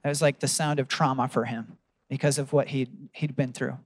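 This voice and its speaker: A man's voice: medium pitch, fairly even intonation, brisk, no echo. A man preaching a sermon, telling a story earnestly and asking his congregation questions.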